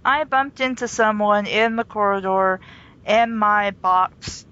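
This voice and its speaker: Reading a story aloud for laughs, a woman giggles and pokes fun at herself between lines, turning it into comedic banter. Her mid-range voice is slow and sharp in tone, and the audio sounds dull.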